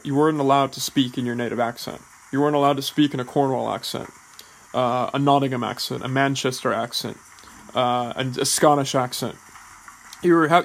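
A man who is an actor, explaining drama school training in a deliberate, measured way, often restarting words. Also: mid-range voice, low-quality recording. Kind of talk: explanatory talk.

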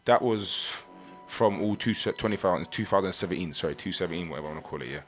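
Fast-talking man saying innit. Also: low-pitched, soft background music. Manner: laid-back, tags nearly every phrase with "innit". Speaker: musician and guest. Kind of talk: casual interview chat.

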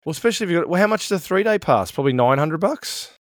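A man's voice: fairly high pitch, lively intonation, rapid-fire, dry recording. A middle-aged man co-hosting a podcast in casual chat, swearing a lot as he rants. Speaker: podcast co-host.

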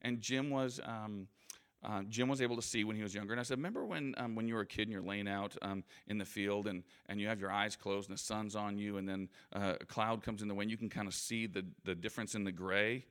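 A man's voice: on the low side, fast, a bit bright, clean tone. A man giving an anecdotal motivational talk in front of a live audience, in a conversational, self-deprecating storytelling manner. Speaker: guest speaker.

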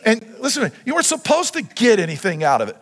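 A man's voice: sits high, wildly swooping pitch, fast talker, a bit bright. A man preaching a sermon as pastor, putting questions to his congregation. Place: church sanctuary.

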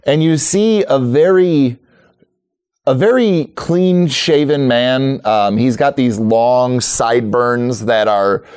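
Man narrating as a relaxed game master. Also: mid-range voice, slow pace, clear, resonant tone. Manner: relaxed, rambling description full of "uh"s and "like"s.

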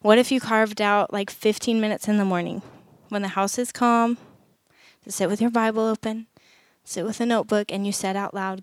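A woman's voice: medium pitch, fairly even intonation, moderate pace, smooth, no room sound, clean studio sound. Earnest woman giving a church talk. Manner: earnest, conversational, acts out short prayers. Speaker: women's ministry speaker. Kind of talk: sermon talk to parents.

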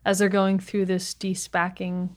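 A woman's voice: medium pitch, monotone, measured pace. A woman hosting a podcast, asking the guests short, light questions. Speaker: podcast host. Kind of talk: interview questions.

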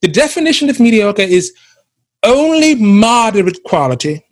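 A man co-hosting a casual ministry podcast, telling animated stories and acting out quotes. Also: high-pitched, normal speed. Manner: animated storyteller, acts out quotes. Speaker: podcast co-host. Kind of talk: casual chat about ministry.

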